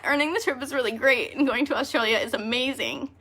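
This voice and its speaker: A woman with a bright, fairly high voice talks to her team in a casual vlog. She keeps choking up and sounds tearful. She laughs it off, teases herself and pushes on. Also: lively intonation, moderate pace, slightly rough. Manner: emotional, self-deprecating, laughing through tears. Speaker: direct sales team leader.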